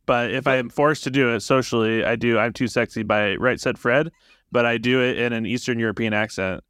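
A man's voice: mid-range voice, steady tone, brisk, fairly bright tone, smooth, no room sound. A man co-hosting an improv comedy podcast, joking in a dry matter-of-fact way. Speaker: podcast co-host. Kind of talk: casual improv chat.

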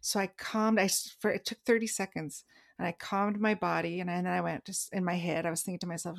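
A woman co-hosting a podcast in casual chat, telling stories animatedly and slowing down to stress key words. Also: fairly low pitch, gravelly. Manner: animated storytelling, slows down for emphasis. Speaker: podcast co-host.

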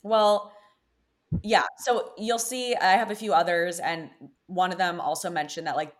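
Young woman podcast host, lower voice, lively chatty storyteller. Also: measured pace. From Connecticut, USA. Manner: chatty, animated storytelling with frequent "like". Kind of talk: casual chat.

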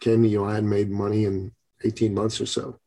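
A man hosting an interview, telling a business story in a casual, animated way and acting out the quotes. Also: fairly low pitch, a little fast. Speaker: podcast host.

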